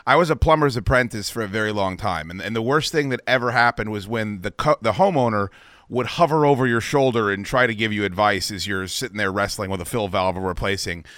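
A man's voice: on the low side, fairly quick, a bit bright, no echo, clean studio sound. A man hosting a podcast, chatting casually with a guest, swearing and laughing easily. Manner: swearing, laughing, self-deprecating. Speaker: podcast host. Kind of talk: casual interview chat.

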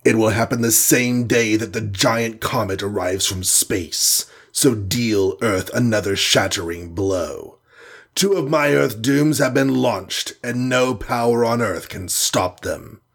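A man plays a smug, gloating male supervillain from a storybook, mocking his foes and slipping in French phrases. The voice sits low and husky, with an unhurried, pleased-with-itself delivery. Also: exaggerated voice.

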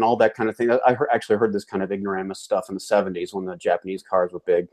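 A man's voice: lowish voice, animated, fast, few pauses, warm tone. Guy from georgia riffing on a talk show, folksy and opinionated. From Georgia, US South. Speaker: co-host of an appliance repair show. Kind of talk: casual chat.

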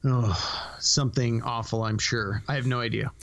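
A man's voice: medium pitch, steady tone, moderate pace, creaky, fairly bright tone. A man co-hosting a podcast, teasing his partner with dry banter. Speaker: podcast co-host. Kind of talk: casual podcast chat.

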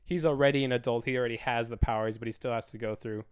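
A man's voice: medium pitch, fairly even intonation, racing, clear, resonant tone. A man co-hosting a casual movie chat, rambling with lots of fillers and restarts. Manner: rambling, filler-heavy, self-correcting. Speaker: co-host.

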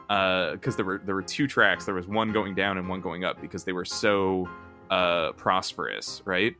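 A man improvising a comedic movie pitch, rambling and halting with many restarts. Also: pushed and bright.

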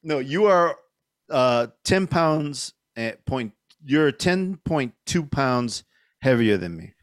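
A man's voice: mid-range voice, lively intonation, slow pace, no room sound, clean studio sound. A man co-hosting a casual podcast, swearing freely, laughing through his stories and acting out quoted reactions. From Mexican heritage. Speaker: podcast co-host. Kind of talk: casual banter.

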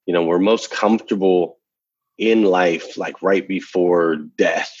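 Husky low-voiced guy telling a story, repeats stuff for emphasis, kinda muffled recording. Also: fairly even intonation, a little slow, a little mellow, no echo. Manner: emphatic, repeats phrases for effect; motivational, challenges the listener. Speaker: podcast guest. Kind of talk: personal storytelling.

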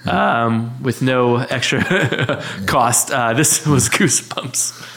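A man's voice: medium pitch, very slow, vocal fry, over music. A man in his thirties co-hosts a casual podcast in a mid-range voice. He hesitates a lot, fills gaps with fillers and laughs often. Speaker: podcast co-host. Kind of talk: casual chat.

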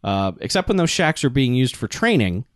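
A man's voice: medium pitch, very animated, fairly quick, a little hiss or hum. A man chatting about a movie with friends, making wry asides and laughing often. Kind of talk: casual movie recap chat.

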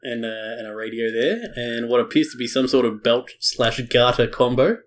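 A man's voice: medium pitch, steady tone, moderate pace, a little hiss or hum. A man co-hosting a casual podcast, rambling and teasing with plenty of fillers. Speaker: podcast co-host. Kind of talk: casual chat.

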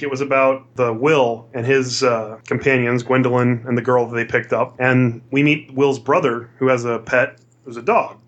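A man hosting a casual comics podcast, upbeat and quick to laugh. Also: mid-range voice, fairly bright tone. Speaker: podcast host. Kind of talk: casual podcast chat and ad read.

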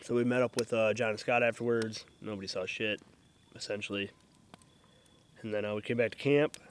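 A man's voice: lowish voice, fairly even intonation, a little fast, slight background noise. A man hosting a casual hunting trip recap, telling the day's story in a laid-back way and swearing casually.

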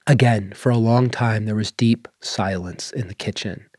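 A man reading a literary story aloud in measured, unhurried narration. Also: fairly low pitch, darkish tone, breathy edge, dry recording, clean studio sound. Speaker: story reader. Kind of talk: scripted narration.

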